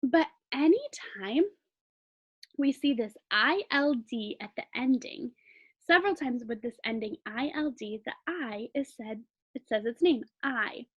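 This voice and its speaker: Lady teacher doing a phonics lesson, slow and patient, kinda high voice, muffled lo-fi audio. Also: lively intonation, breathy edge. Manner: patient, sounds words out slowly.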